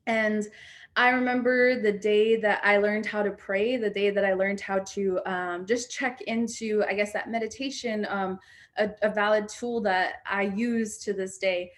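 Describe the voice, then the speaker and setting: A young woman speaks on a video call, sharing a personal story. Her voice sits at a middling pitch. Her delivery is reflective and halting, full of ums and restarts. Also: steady tone. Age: young adult. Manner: reflective, frequent fillers and restarts. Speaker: panel speaker.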